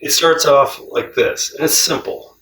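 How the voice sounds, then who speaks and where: A man's voice: on the high side, unhurried, recorded from a distance. Laughing man in a roomy space. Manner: animated, laughs often, acts out quoted voices. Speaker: cross-country traveller. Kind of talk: casual storytelling. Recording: roomy, from off-mic.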